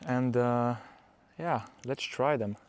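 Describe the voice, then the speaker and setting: A young man chatting to his viewers in a casual vlog, earnest and unpolished, stumbling through a few restarts as he goes. His voice sits at a middling pitch. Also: slow, darkish tone, a little hiss or hum. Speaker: powerlifting vlogger. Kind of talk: casual vlog talk to camera.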